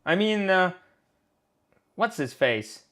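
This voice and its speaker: A man's voice: high voice, sing-song, slow, a bit bright. A man co-hosting a live game design stream, chatting in a rambling, playful way and searching for words aloud. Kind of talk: casual chat.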